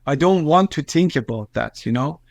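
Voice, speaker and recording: High-voiced man with an Iranian accent. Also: animated, creaky, no echo. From Iran. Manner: halting non-native English with many fillers and restarts, agitated when quoting. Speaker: journalist, interview guest. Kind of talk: recounting events in an interview.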